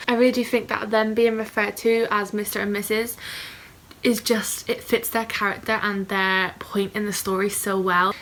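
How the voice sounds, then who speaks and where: A woman's voice: medium pitch, fairly bright tone. A young woman in her twenties, talking candidly and rambling in a casual vlog, with many fillers. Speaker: writer vlogger.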